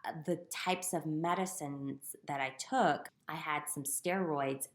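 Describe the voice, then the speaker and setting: A woman's voice: low voice, slow, hardly any pauses, roomy sound. A young woman candidly telling her personal story on a podcast, with self-deprecating humor. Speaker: guest sharing her story.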